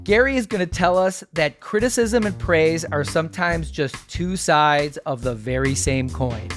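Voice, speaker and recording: A man's voice: fairly high pitch, measured pace, over music. A man co-hosting a podcast, reading the scripted intro and teasers like an announcer. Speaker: podcast co-host.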